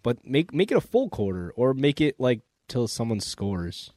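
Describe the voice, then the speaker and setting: Animated, opinionated man talking football. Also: medium pitch, moderate pace, dry recording. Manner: animated, opinionated, laughs a lot. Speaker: podcast co-host. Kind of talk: casual sports chat. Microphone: desk mic.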